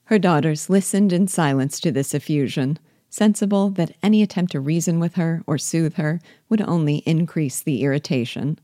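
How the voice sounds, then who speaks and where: Low-voiced woman reading a novel aloud. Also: moderate pace, dark tone, no room sound, studio quality. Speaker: reader guiding a book. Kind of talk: read-aloud novel narration.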